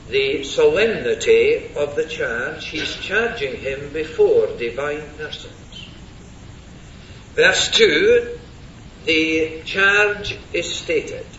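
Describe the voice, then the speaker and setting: Male preacher, verse-by-verse sermon, slow and deliberate, bright voice, dull lo-fi recording with faint rumble. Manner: deliberate, stresses key words.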